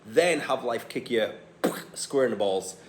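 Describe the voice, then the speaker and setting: A man's voice: mid-range voice, animated, a little slow. A man in his forties, a personal trainer, talking candidly and bluntly to camera while reading from his phone, swearing casually. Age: 40s. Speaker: personal trainer and health coach. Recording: echoey room with faint ambient noise.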